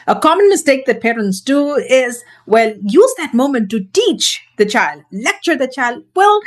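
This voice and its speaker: A woman parenting coach teaching straight to camera, earnest and emphatic, repeating her key points. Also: high voice.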